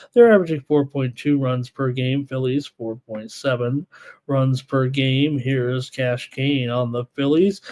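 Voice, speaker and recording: A man's voice: fairly high pitch, a little mellow. A man hosting a live sports betting show, running through odds and stats and reading viewers' picks from the chat in a casual way. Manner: rapid stats rundown, reads chat picks aloud, casual asides.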